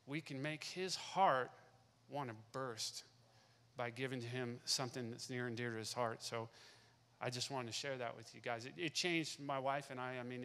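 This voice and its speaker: A man's voice: medium pitch, creaky, sharp tone. Middle-aged man telling a heartfelt story. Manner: emotional storytelling, repeats phrases. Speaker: guest speaker. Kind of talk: testimony in a church service. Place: church sanctuary. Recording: long reverb of a large hall.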